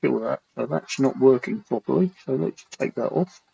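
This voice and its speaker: A man's voice: medium pitch, moderate pace, creaky, dark tone, husky, no echo, dull audio. A man hosting a casual live stream, loose and rambling, swearing casually as he reads out viewer comments.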